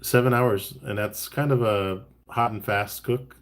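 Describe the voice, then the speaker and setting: A man hosting a casual live-stream chat. He talks in a relaxed, chatty way, reads out viewer comments and gives tips between bits of banter. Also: on the low side, measured pace. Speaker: barbecue caterer and live chat host.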